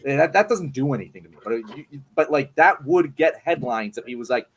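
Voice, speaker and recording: A man's voice: mid-range voice, animated, fairly quick, slightly rough. A man co-hosting a livestream, talking politics bluntly and casually, with some swearing. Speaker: livestream co-host. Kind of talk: casual political debate chat.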